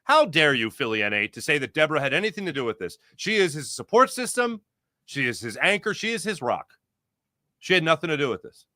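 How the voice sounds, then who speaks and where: A man hosting a live postgame sports podcast, reading viewer comments in an energetic, rambling, jokey way. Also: fairly high pitch, quick pace, no echo, clean studio sound.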